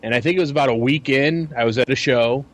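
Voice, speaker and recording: A man's voice: medium pitch, fast, fairly bright tone. A man in a casual podcast chat, talking hesitantly and stammering over repeated words. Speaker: podcast co-host.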